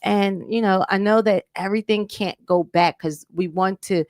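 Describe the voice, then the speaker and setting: A woman's voice: mid-range voice, fairly even intonation, moderate pace, a little mellow, no echo, clean studio sound. A woman co-hosting a casual talk show, speaking earnestly and reflectively with frequent restarts. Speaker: co-host.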